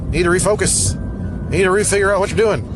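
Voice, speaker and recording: A man's voice: high-pitched, steady tone, very fast, noisy background, voice pushed up, close to an everyday voice. A man putting on an impression of a famous statesman, with an emphatic, speech-like cadence, recorded while driving. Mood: earnest. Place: in a car in traffic.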